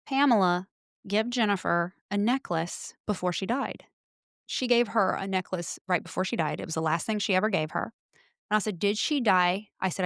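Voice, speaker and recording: A middle-aged woman, a podcast guest, telling a spooky personal story in casual chat, breaking into loud quoted exclamations. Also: medium pitch, no room sound, studio quality.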